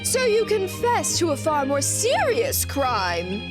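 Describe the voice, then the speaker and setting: A woman voicing an imperious, tyrannical queen from a game with a slow, commanding delivery, reading her lines aloud. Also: sits high, wildly swooping pitch, full character voice. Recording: game music playing behind.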